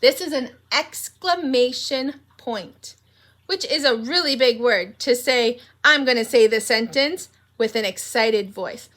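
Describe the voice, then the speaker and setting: A young woman leads a preschool morning meeting in a high, bright voice, speaking slowly and clearly to small children. She is gentle and sing-song, with a teacher's patient rhythm. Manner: slow, gentle and sing-song, breaking into cheerful songs. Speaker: pre-K teacher.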